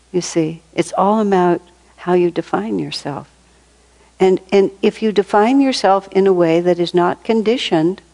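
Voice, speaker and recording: A woman's voice: on the low side, darkish tone, rough recording. Older woman giving a chatty spiritual talk. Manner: conversational, laughing often, storytelling. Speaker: spiritual teacher.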